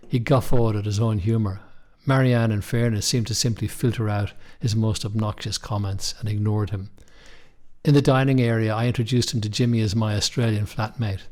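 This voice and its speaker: A young man narrating a first-person story in a measured, wry way. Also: lowish voice, fairly even intonation, a little mellow. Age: young adult. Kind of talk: scripted audiobook narration.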